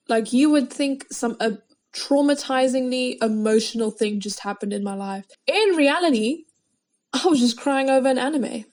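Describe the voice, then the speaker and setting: A young woman with a slightly high voice hosts her own podcast alone. She talks casually and dramatically, with self-mocking asides, into a podcast microphone. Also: moderate pace, darkish tone. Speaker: podcast host. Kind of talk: casual solo podcast chat.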